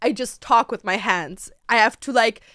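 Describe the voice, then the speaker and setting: A young woman streaming, chatting casually and reacting excitably, jumping to squealing highs. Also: moderate pace, no room sound, studio quality. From Latin America.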